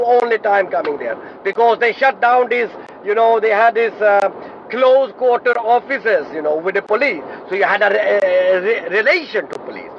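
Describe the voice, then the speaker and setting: High-voiced man, rambling with fillers. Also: animated, moderate pace. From Sweden. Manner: rambling, many fillers and restarts. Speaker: speaker on immigrant identity. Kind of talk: casual talk. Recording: dull audio, faint street noise.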